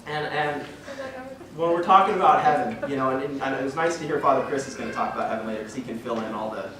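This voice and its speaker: A man's voice: medium pitch, quick pace. A young man giving an earnest, emotional faith talk to a church group, rambling with restarts and chuckles. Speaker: guest speaker at a parish talk. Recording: very echoey hall from far off, noisy.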